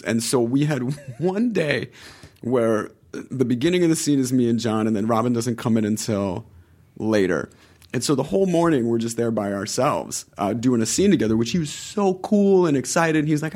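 Guy w a gravelly voice, podcast guest telling stories, does the voices. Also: medium pitch. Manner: animated storyteller, acts out quoted voices. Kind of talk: casual podcast chat.

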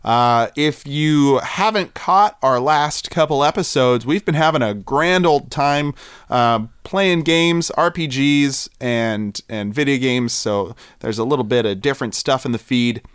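A man's voice: mid-range voice, measured pace, fairly bright tone, clean tone, no echo, studio quality. A man co-hosting a podcast, wrapping up an episode in casual, joking talk with plenty of fillers. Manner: joking, rambling with many fillers. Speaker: podcast co-host. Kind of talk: casual podcast outro banter.

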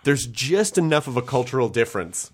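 A man's voice: mid-range voice, big pitch swings, a little fast. Reflective, articulate male comedian guest. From American South, grew up in Memphis. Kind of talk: casual chat.

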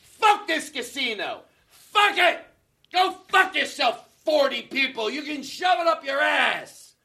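A man's voice: very high-pitched, very animated, vocal fry, slight background noise, pitched above the performer's own voice, full character voice. A man impersonating a furious veteran male stand-up comic who curses at a small crowd and storms off. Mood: enraged. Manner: shouting, profane, drawn-out.

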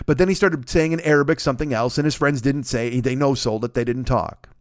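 A podcast host spins a funny anecdote at a brisk clip, his voice in the middle for a man. He talks in loose, crude slang, and the sound is dry and close with little room to it. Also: mid-range voice, dry recording. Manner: rapid, animated anecdote with acted quotes. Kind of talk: comedic storytelling.

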